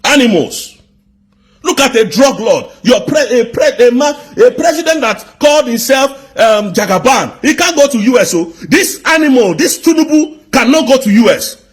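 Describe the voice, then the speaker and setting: Furious high-voiced Nigerian man ranting. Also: expressive, moderate pace, breathy edge. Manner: indignant, repetitive rhetorical questions. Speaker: commentator. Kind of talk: angry political rant.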